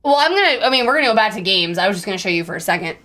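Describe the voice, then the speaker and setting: Streaming live, this young woman is animated and rapid-fire, with a sharp tone. She chats with her viewers in a bubbly, self-deprecating manner and breaks into squeaky exclamations.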